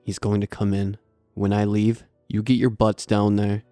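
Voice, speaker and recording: A man's voice: on the low side, completely flat delivery, moderate pace, warm tone, no echo, faint music behind, lightly acted. A man voicing a resolute, protective mother who gives firm, urgent instructions.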